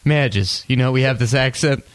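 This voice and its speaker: A man's voice: medium pitch, fairly quick, clear, resonant tone, dry recording, lightly acted. A man voicing a pushy, blunt male talent manager who calls everyone kid. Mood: gruff.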